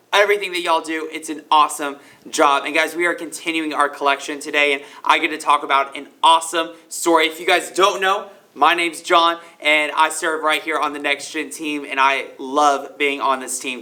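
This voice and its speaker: Upbeat young man for a youth Bible lesson. High, bright and full of energy. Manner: hyped, playful, talks to the kids directly. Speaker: youth ministry speaker.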